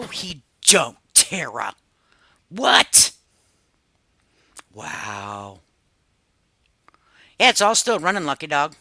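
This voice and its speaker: Sassy woman in her 50s on a livestream, bright voice all over the place, dry close sound. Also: lowish voice, no room sound. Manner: animated, sassy, laughs often. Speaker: livestream host. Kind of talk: casual chat reacting to viewers.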